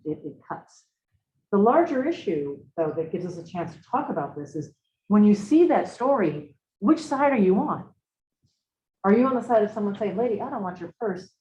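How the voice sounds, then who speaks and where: Middle-aged woman, seminar leader, low warm voice, roomy dull recording. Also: slight background noise. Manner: reflective, engaging, asks students questions. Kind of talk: conversational seminar talk.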